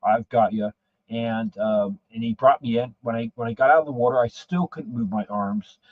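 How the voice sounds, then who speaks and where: A man's voice: mid-range voice, moderate pace, no echo. Guy on a call rambling through a story, dull lo-fi sound, dry. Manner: rambling, repeats words. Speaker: podcast guest. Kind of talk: casual storytelling.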